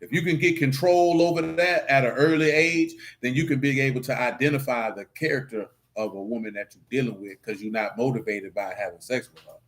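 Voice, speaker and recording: A man teaching scripture in a casual stream, joking and swearing in street slang, with sudden animated outbursts. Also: mid-range voice, fairly quick, hardly any pauses. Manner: animated preaching with rising outbursts. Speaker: Bible teacher.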